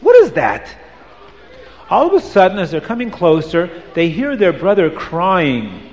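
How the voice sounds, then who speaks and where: A man telling a moral story to listeners, hushing them and moving between soft and emphatic delivery. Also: high voice, long reverb tail.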